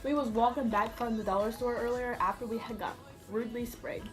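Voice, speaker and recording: A woman's voice: fairly high pitch, steady tone, brisk. A young woman chatting over food in a casual vlog, blunt and profane, teasing her friends as she tells a story. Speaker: vlogger. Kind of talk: casual mukbang vlog chat. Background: music.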